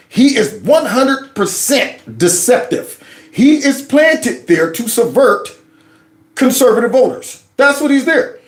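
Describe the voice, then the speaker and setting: A man hosting his own show, giving sarcastic, animated commentary on news clips. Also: high voice. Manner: animated, sarcastic, mocks others in put-on voices. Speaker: host reacting to news clips. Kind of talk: opinionated commentary. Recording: roomy echo.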